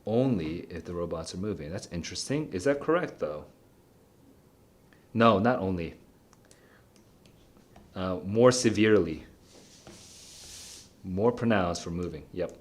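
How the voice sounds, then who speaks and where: Low-voiced young man thinking aloud. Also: animated, unhurried, long pauses. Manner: laughs often, mutters while reading, exclaims "dude". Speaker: SAT tutor streamer. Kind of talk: live think-aloud test solving.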